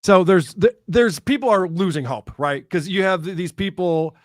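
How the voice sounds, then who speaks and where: A man co-hosting a podcast, telling a true crime story in an animated, joking way and laughing often. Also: sits high, normal speed, no echo, clean studio sound. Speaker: podcast co-host. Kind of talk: casual storytelling chat about true crime.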